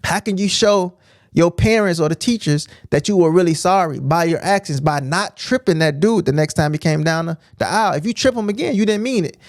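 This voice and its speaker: A man's voice: fairly high pitch, fairly quick, dry recording, clean studio sound. A man preaching informally on a livestream, emphatic and repetitive, often checking in with "right?". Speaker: streamer teaching scripture.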